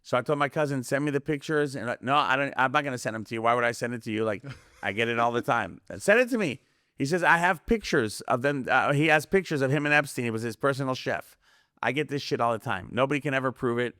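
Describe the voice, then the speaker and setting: A man's voice: medium pitch, fast, no room sound. Rambling man on a dry podcast mic. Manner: rambling, animated, acts out quoted voices. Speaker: podcast guest. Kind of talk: casual conspiracy podcast chat.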